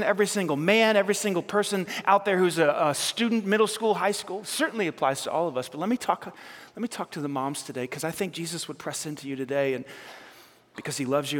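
A male pastor with a slightly high voice preaches a passionate sermon, swinging from loud, urgent appeals to soft, hushed words. He often repeats phrases and speaks directly to the congregation, and his voice trails off into a long reverb tail.

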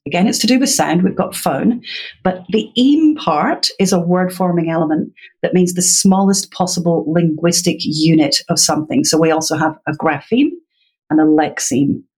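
A woman's voice: on the low side, normal speed, darkish tone, slightly rough. Woman patiently explaining, teacher-like. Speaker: literacy educator guest. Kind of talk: explanatory interview talk.

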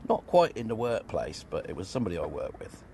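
A man phoning in to a podcast, telling a story in a matter-of-fact, measured way over a faint background hiss. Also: low-pitched, huge pitch swings, gravelly, a little mellow. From England. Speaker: caller. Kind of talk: phoned-in story.

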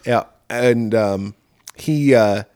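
A man's voice: medium pitch, drawn-out words, a little mellow, clear, resonant tone. A man co-hosting a podcast in casual chat, blunt and swearing freely as he acts out movie lines. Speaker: podcast co-host.

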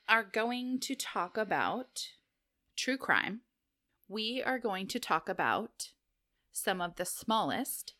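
A woman's voice: medium pitch, bright, forceful tone. A woman co-hosting a podcast, chatting casually, giggling and joking, and reading out a list. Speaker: podcast co-host.

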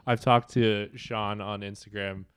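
A man co-hosting a podcast in casual chat, upbeat and quick to laugh. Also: fairly low pitch, level tone, smooth, no room sound, clean studio sound. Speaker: podcast co-host.

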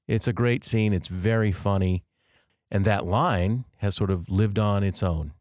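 A man's voice: low-pitched, fairly even intonation, normal speed, darkish tone, no echo, studio quality. A man hosting a devotional podcast, teaching in an earnest, reflective way and explaining things step by step. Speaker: podcast host.

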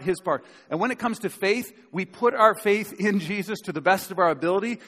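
A male pastor with a highish, fairly bright voice preaches conversationally to a live congregation in a church sanctuary. He drives home emphatic points and asks rhetorical questions, and the recording carries a long hall reverb.

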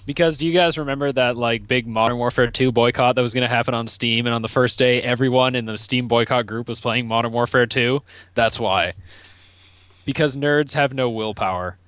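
A man co-hosting a casual gaming podcast, with wry jokes and quick comebacks. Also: medium pitch, a bit bright, clean tone, no echo. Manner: wry, jokey. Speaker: podcast co-host.

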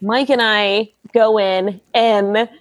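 A woman, telling a family story in a lively, animated way and acting out what people said. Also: mid-range voice, takes it slowly, dry recording. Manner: lively, laughing, acts out quotes.

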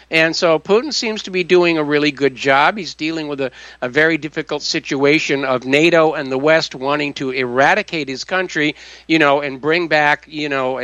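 A man hosting call-in talk radio, his voice bright and a touch high. He pauses often on fillers and states firm views. The sound is dry and slightly dull. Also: no room sound. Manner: halting, many uh fillers, firm opinions. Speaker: radio talk show host.

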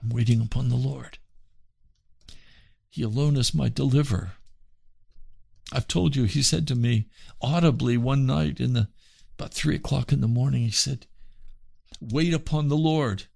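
A man's voice: medium pitch, moderate pace, vocal fry, pauses often, a little mellow, husky, no echo. A man preaching on his radio broadcast, earnest and pleading, often repeating phrases. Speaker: radio pastor. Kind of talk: radio sermon.

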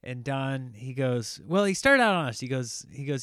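A man hosting a podcast, telling rambling stories in a casual, animated way and laughing often. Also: medium pitch, moderate pace, no room sound, clean studio sound. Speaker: podcast host. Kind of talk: casual storytelling monologue.

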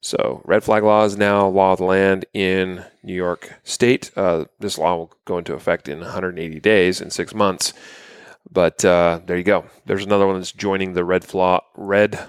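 A man's voice: low-pitched, moderate pace, smooth, no echo, studio quality. A man co-hosting a podcast, chatting casually through the news with plenty of fillers. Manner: relaxed, many fillers. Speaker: podcast co-host.

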